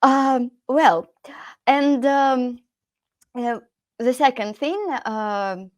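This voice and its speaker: A woman with a Russian accent who hosts a podcast as an English teacher, speaking English hesitantly and pausing to search for words. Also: high-pitched, steady tone. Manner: hesitant, many fillers while searching for words. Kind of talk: podcast conversation.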